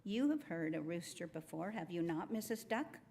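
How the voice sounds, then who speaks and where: A woman's voice: lowish voice, animated, normal speed, a little mellow, a little hiss or hum. A woman voicing an exceedingly polite male farm pig with a formal, courteous manner. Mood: courtly.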